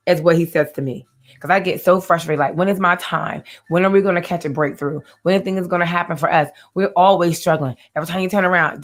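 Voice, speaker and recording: Woman hosting a faith talk show, earnest, talks right to the viewers, repeats herself a lot. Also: on the low side. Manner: earnest, repeats phrases, addresses viewers directly.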